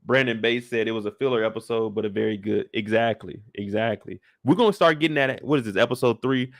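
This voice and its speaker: A man's voice: fairly low pitch, fast talker, gravelly, no room sound, clean studio sound. Laid-back slangy man recapping a show. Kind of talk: casual live recap talk.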